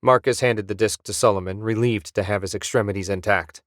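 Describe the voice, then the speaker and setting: A man narrating a science-fiction audiobook in a steady storytelling manner on a close mic. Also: on the low side, a little fast, hardly any pauses, no echo.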